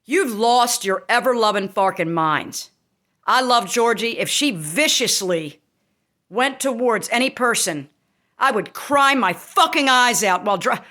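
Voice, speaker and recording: A heated, foul-mouthed woman vents her outrage, her words landing hard, with sudden shouted bursts. Her voice sits fairly high and has a bright, forceful, cutting edge. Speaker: vlogger. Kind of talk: angry rant to camera.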